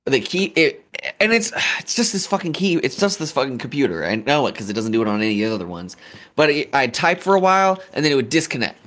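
Young dude on a podcast, regular pitch, rambles and laughs through his stories. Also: big pitch swings, fast talker, fairly bright tone. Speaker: podcast co-host. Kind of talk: casual chat.

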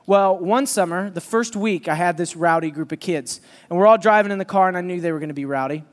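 A man preaching a sermon, telling a lively personal story and teasing his listeners. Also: high voice, quick pace, long reverb tail. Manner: animated, joking storyteller who teases the audience.

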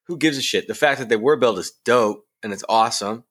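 A man's voice: medium pitch, a little fast, a bit bright. A man co-hosting a casual conspiracy podcast, talking animatedly and swearing freely. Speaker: podcast co-host.

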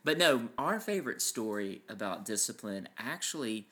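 A man co-hosting a casual podcast, telling family stories with animated energy and frequent laughter. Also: mid-range voice, moderate pace. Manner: animated storyteller, acts out voices, laughs often. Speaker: podcast co-host, preacher. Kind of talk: casual chat.

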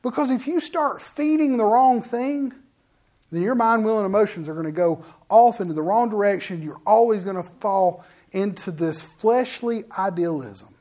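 A man delivering a relaxed, conversational sermon. He preaches in a folksy, animated way, often turning to the listeners with direct questions and asides. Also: sits high, moderate pace.

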